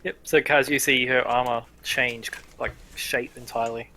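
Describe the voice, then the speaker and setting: A man's voice: medium pitch, fairly even intonation, moderate pace, bright, forceful tone, slight background noise. A man narrating as game master of a tabletop game, chatty, with many fillers.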